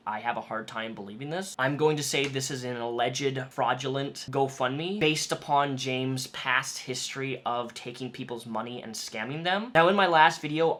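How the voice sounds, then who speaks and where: Mid-pitched man doing commentary. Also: a bit bright. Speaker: YouTube commentator. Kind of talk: commentary video narration.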